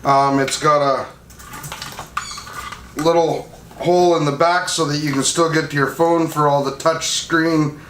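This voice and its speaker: A man's voice: fairly high pitch, steady tone, unhurried, long pauses, a bit bright. A man chats casually as a hobby channel host, rambling with fillers and restarts. The room is roomy and echoing. Faint background noise sits under him. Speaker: channel host reviewing drone gear. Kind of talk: casual product chat.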